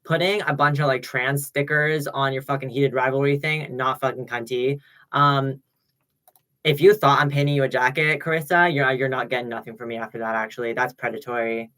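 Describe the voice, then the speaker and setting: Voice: medium pitch, fairly even intonation, a little fast, fairly bright tone. A streamer with a male-sounding voice, ranting profanely on a live webcam stream, with lots of "like" fillers. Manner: profane, heated, full of "like" fillers. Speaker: livestreamer. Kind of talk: ranting livestream monologue. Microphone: webcam mic.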